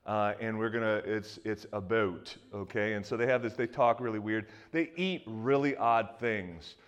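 A man's voice: lowish voice, normal speed, clear, resonant tone. A man in his fifties from the US Northeast, preaching a sermon in a loose, joking, conversational way with many restarts and asides. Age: 50s. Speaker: pastor.

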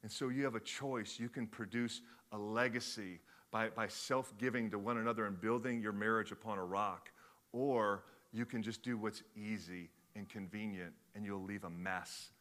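A man's voice: lowish voice, steady tone, normal speed, fairly bright tone. A man preaching a sermon as a pastor, talking conversationally with many fillers and restarts.

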